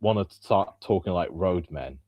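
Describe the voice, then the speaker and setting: A man with a standard Southern English accent talks as a guest on a podcast. His voice is low and his sound is dry. He chats in an easygoing way, with plenty of "you know" and "like". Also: moderate pace, no room sound, lo-fi sound. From England. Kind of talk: casual chat.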